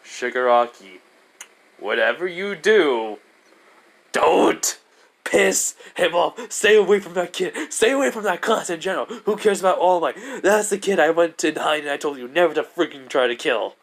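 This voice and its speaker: A man's voice: on the high side, lively intonation, normal speed, pitched above the performer's own voice. A man voicing an older male villain mastermind who is secretly terrified, speaking emphatically. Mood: warning.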